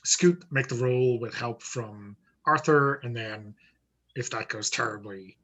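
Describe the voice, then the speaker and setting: A man running a tabletop game as game master, relaxed and easygoing. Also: medium pitch, a little slow, rough recording. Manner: relaxed, easygoing, hesitant with fillers.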